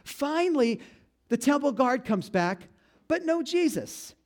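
A man preaching a conversational sermon, retelling a story with lively animation and speaking straight to his congregation. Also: extremely high pitch, unhurried. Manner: animated, talks straight to the congregation, frequent "you know". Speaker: pastor.

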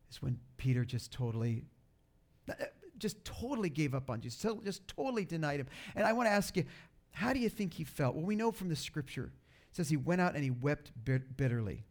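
A middle-aged male pastor preaching a conversational sermon, restarting phrases and acting out quotes. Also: fairly high pitch.

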